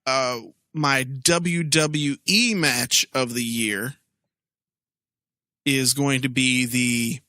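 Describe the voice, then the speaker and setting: A man co-hosting a casual podcast, sick on cold medicine, joking crudely and rambling in drawn-out phrases. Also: medium pitch, steady tone, bright, forceful tone, no echo, clean studio sound. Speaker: podcast co-host.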